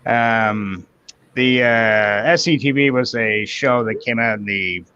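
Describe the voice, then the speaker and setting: A man's voice: mid-range voice, takes it slowly, bright, forceful tone, smooth, no echo. Casting note: Canadian man, fifties, easygoing rambling storyteller, slightly muffled lo-fi audio. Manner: rambling anecdotal storyteller, quotes others in voices. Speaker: guest. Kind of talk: casual chat, storytelling. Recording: dull lo-fi sound.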